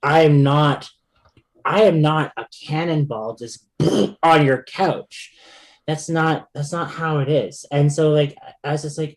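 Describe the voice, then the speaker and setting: A man's voice: on the high side, takes it slowly. A man talking as a podcast guest in casual chat, stopping and restarting often and laughing between stories.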